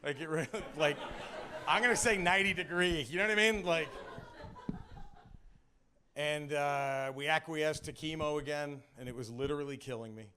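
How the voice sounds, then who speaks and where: Bright-voiced man telling a story on stage. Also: on the high side, normal speed, smooth, a faint crowd. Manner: loose and conversational, full of "like" and "you know". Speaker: stand-up comedian telling his own story. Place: comedy club stage, indoors.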